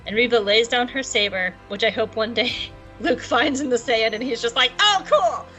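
A woman's voice: a little high, fairly even intonation, moderate pace, fairly bright tone, soft background music, low-quality recording. A woman co-hosting a podcast, recapping an episode in a chatty, jokey way. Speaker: podcast co-host.

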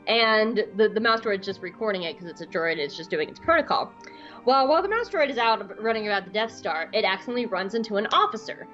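A woman co-hosting a podcast, telling a story in a casual, excitable, gushing way. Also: medium pitch, fast talker, muffled recording, soft background music. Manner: excitable, gushing, breaks into squeals. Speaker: podcast co-host.

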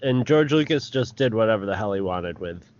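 A man's voice: on the low side, lively intonation, a little fast, darkish tone, muffled recording. A man co-hosting a podcast, rambling in casual chat with many fillers. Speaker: podcast co-host.

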